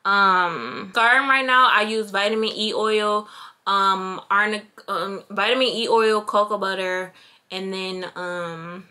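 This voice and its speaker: Brief: young woman vlogger, candid and chatty Q&A, bright tone, mid pitch. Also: steady tone, measured pace. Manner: chatty and candid, addresses viewers as "girl" and "y'all". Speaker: beauty vlogger. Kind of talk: casual Q&A vlog talk.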